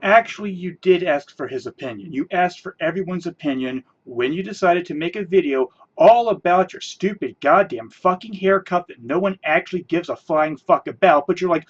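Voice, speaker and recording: A man's voice: high voice, moderate pace, few pauses, muffled recording. A man ranting in a response video, sarcastic and scornful, mocking the person he answers. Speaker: video commentator.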